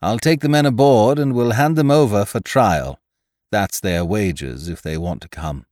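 A man voicing a calm, shrewd male sea captain who bargains in an unhurried, commanding way. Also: lowish voice, no echo, studio quality, pitched above the performer's own voice, natural voice.

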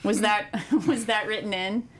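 A woman's voice: medium pitch, fairly even intonation, a little slow. A woman hosting a casual interview, hesitant and giggly as she asks questions.

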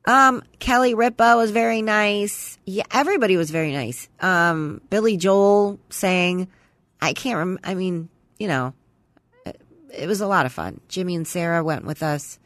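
Lowish-voiced woman podcast cohost, stuffy nose, rambly casual chat, dry close mic. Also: no room sound. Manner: chatty, rambling, quick to quote others in an animated voice. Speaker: podcast co-host.

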